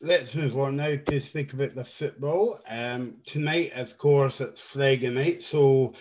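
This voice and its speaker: A man's voice: mid-range voice, unhurried, a little mellow, dull audio. A man with a Scottish accent hosting a casual football podcast, joking, with many fillers. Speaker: host.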